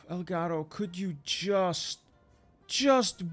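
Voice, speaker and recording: Young male streamer, slightly high voice, slow exasperated talk, dry close mic, faint music behind. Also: sing-song, a bit bright, no room sound. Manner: exasperated, grumbling at broken equipment, swears. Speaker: streamer playing a strategy game. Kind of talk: casual live-stream chat.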